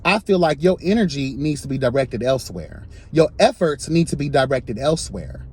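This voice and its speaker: A man giving an impassioned, sassy commentary rant, swinging between soft asides and loud emphatic outbursts. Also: medium pitch, expressive, moderate pace, slightly rough.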